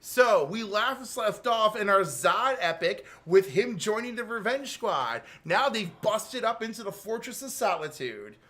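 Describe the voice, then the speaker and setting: Animated higher-voiced American man recapping. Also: a little slow, few pauses. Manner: animated storyteller, acts out character lines with big pitch jumps. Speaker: co-host. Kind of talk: casual comic book recap.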